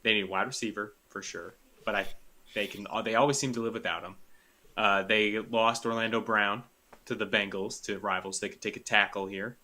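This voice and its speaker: A man's voice: fairly low pitch, fairly even intonation, a little fast, bright, forceful tone. A man co-hosting a casual fantasy football podcast, thinking aloud and hedging as he talks. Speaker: podcast co-host. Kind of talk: casual sports chat.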